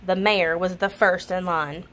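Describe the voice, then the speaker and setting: A woman reading a children's picture book aloud in an expressive storytelling manner. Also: fairly low pitch, unhurried. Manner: expressive, laughs at the funny parts.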